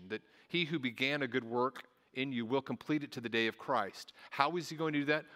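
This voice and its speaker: A man's voice: medium pitch, a bit bright, big-room sound. A man preaching a sermon in a conversational way, stumbling over restarts and adding small asides. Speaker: pastor.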